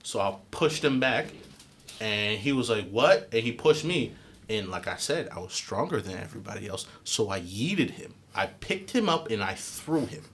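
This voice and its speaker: Young male podcast co-host, lively storyteller who swears freely and jumps all over his range. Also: on the low side, moderate pace. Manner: animated storyteller, swears freely, acts out voices. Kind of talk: casual chat.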